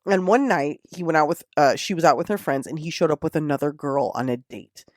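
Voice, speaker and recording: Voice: medium pitch, a little fast, no echo, clean studio sound. A podcast host telling a true crime story in a casual, indignant, profane way. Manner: indignant, profane, animated retelling.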